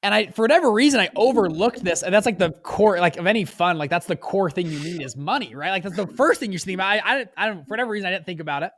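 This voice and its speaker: A man in his twenties, a guest on an interview podcast, telling his story in a lively, casual way and jumping up in pitch when he acts out quotes. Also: very fast, hardly any pauses. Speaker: podcast guest, fund manager.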